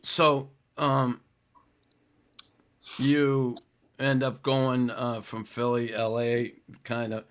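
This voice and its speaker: A man's voice: medium pitch, monotone, very slow, pauses often. A man hosting a sports podcast, asking leading questions in a casual chat and laughing often at his guest's stories. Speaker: podcast host, former hockey player.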